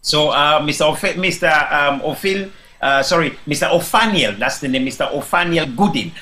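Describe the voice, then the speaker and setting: A man's voice: fairly high pitch, expressive, moderate pace, pushed and bright. A man from Leone, hosting a live online discussion, greeting listeners by name with plenty of ums and restarts. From Sierra Leone. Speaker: host.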